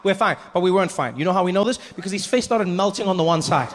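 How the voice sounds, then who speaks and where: A man performing stand-up comedy, telling a story in an animated way with acted voices. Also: sits high, rapid-fire, a little hiss or hum.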